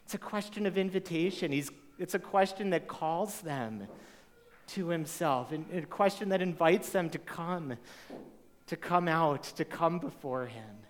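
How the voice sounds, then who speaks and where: A man's voice: a little high, measured pace. A male pastor preaching a sermon to a live congregation, talking conversationally and asking the room questions. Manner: conversational, asks the audience rhetorical questions. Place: church hall with a live congregation. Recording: long reverb of a large hall.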